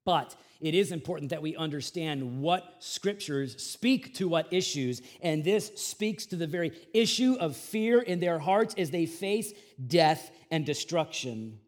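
A male pastor delivers a sermon with a fairly high voice. He preaches in an animated, conversational style and drops in casual slang. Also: a little slow, hardly any pauses.

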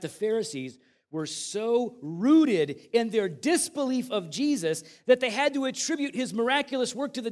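Animated high-voiced man preaching. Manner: animated, conversational preaching with dramatic Bible readings. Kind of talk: sermon.

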